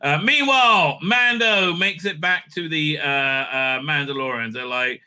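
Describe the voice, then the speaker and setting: A man with a sharp, bright voice and a slightly high pitch rambles through a casual episode recap. He stumbles on fillers constantly and tosses in crude asides. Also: unhurried, clear, resonant tone. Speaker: show recapper and reviewer.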